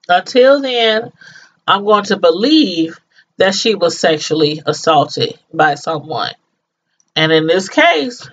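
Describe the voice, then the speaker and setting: A woman's voice: on the low side, dull audio. A middle-aged woman vlogging casual commentary to her viewers, emphatic and informal, repeating phrases for effect. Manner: addresses viewers directly, informal slang.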